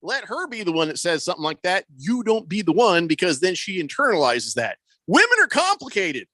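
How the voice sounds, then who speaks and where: A male radio host talking in a bright, forceful voice. He banters casually and gives mock-serious, authoritative advice to his listeners. The studio sound is close and dry. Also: high-pitched, huge pitch swings, fairly quick, dry recording.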